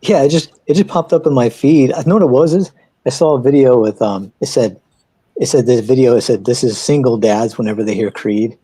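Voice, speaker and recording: A man chatting casually on an art livestream, telling rambling anecdotes in an animated way. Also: mid-range voice, fairly quick, husky, no room sound. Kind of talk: casual chat.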